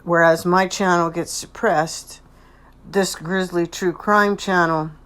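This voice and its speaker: A woman's voice: fairly low pitch, fairly even intonation, takes it slowly, fairly bright tone. A woman hosting her own channel, rambling and repeating herself as she comments on someone else's speech in video clips. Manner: rambling and repetitive, analyzing others' speech.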